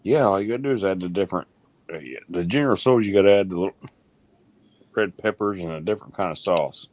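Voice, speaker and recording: A man's voice: deep voice, fast, darkish tone. A man, hosting a homestead livestream and teasing people in casual chat. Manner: joking, ribbing others.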